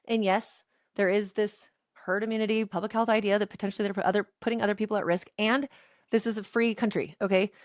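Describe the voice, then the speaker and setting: A woman's voice: mid-range voice, quick pace, no room sound, studio quality. Emphatic woman in casual podcast chat. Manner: emphatic, opinionated, animated. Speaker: podcast co-host.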